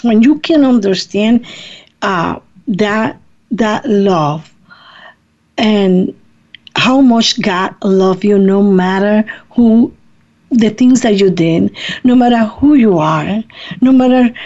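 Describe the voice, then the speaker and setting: A woman speaks slowly and earnestly about faith, and her grammar is nonstandard. The sound is muffled and lo-fi. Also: medium pitch, darkish tone. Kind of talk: faith talk on a podcast. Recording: muffled lo-fi recording.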